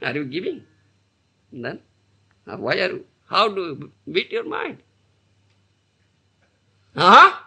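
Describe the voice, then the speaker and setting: Animated man giving a devotional lecture. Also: high-pitched, measured pace, gravelly, long pauses, husky. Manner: animated, asks the audience rhetorical questions; laughs often while teaching. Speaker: spiritual teacher. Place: lecture room with audience.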